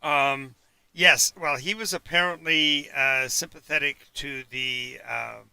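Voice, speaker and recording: Bright, dry-voiced man running a game. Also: mid-range voice, steady tone, vocal fry, smooth, dry recording. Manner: halting, with many fillers and restarts. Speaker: game master. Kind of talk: narrating a tabletop game. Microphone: home mic for a live stream.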